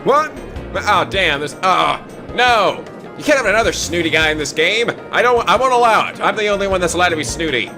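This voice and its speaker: A man giving casual, joking gameplay commentary, excitable and swearing often. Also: high voice, a little fast, over music. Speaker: video game let's player.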